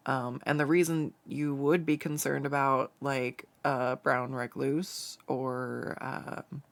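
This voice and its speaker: Giggly rambling streamer with a gravelly edge. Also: mid-range voice, flat delivery, takes it slowly, no room sound. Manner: rambling and giggly, many fillers and restarts. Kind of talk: casual chat while drawing on stream.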